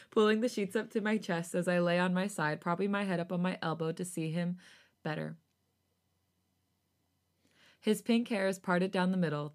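A woman co-hosting a podcast, reading fan fiction aloud in a soft voice and breaking off into loud, laughing, flustered chat. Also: lowish voice.

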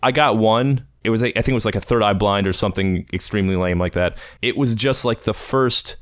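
A man with a low voice talks as a podcast guest, recorded dry and close. He tells his stories wryly, poking fun at himself. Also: a little fast, a bit bright, no room sound. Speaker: guest music critic. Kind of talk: casual chat.

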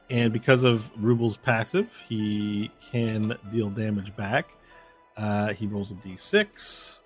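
A man acting as game master, talking through moves and dice rolls step by step and correcting himself as he goes. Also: lowish voice. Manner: explains rules step by step, with fillers and self-corrections. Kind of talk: narrating a tabletop game.

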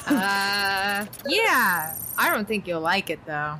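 A woman's voice: medium pitch, sing-song, slow, pushed and bright, soft background music. A woman playing in a tabletop role-playing game, teasing the other players in a casual chat.

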